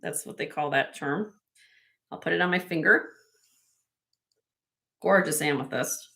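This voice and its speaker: A woman's voice: low voice, unhurried, gravelly, pushed and bright. A woman hosting a live online jewelry sale, chatting in a salesy way and talking straight to buyers by name. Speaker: host selling jewelry on a live stream.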